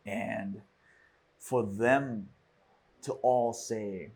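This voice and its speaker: A man with a fairly low, slightly husky voice hosts a casual podcast conversation. He talks in a reflective, halting way and often stops and restarts his sentences. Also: fairly even intonation, a little mellow. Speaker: podcast host.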